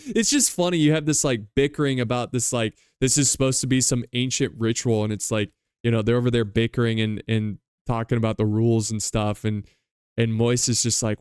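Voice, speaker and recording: Smooth-voiced man recapping a book casually. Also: medium pitch, fairly even intonation, a little fast, a little mellow, no echo, clean studio sound. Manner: loose, rambling retelling with many fillers. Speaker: book club podcast host.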